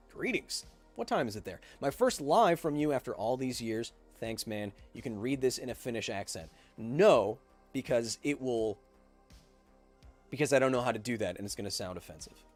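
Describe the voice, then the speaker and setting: A man in his thirties hosting a casual podcast live stream, reading viewer questions and answering with animated, opinionated emphasis. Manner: animated and opinionated, with emphatic swings in pitch and volume.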